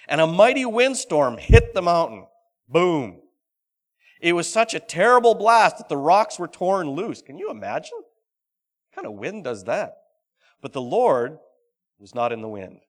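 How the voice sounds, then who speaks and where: A pastor with a fairly high-pitched voice preaches a sermon, reading scripture with drama and repeatedly questioning the congregation. His delivery swings between loud and hushed.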